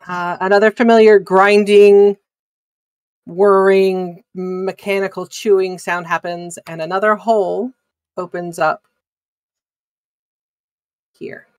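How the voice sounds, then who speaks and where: A man running a tabletop game as game master, narrating the action in a halting way with many fillers and restarts. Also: high-pitched, fairly even intonation, smooth, dry recording, studio quality.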